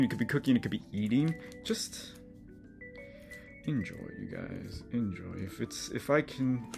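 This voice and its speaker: A low, gravelly man in middle age talks warmly to his viewers from his studio, chatty and encouraging. He gets easily moved as he speaks, and soft music plays quietly behind him. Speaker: collage artist and channel host. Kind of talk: casual studio vlog to camera.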